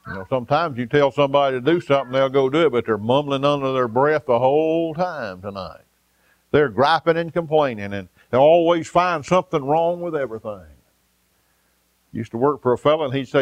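Folksy preacher, dry close sound. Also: male voice, mid-range voice, no room sound. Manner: folksy, storytelling, frequent "uh" pauses. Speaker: pastor. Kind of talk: sermon.

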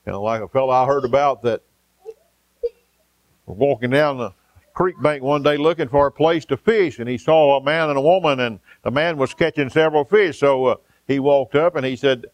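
A man preaching a folksy sermon, pausing often with "uh" and telling homespun stories. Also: mid-range voice, no echo. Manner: folksy, storytelling, frequent "uh" pauses. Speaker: pastor.

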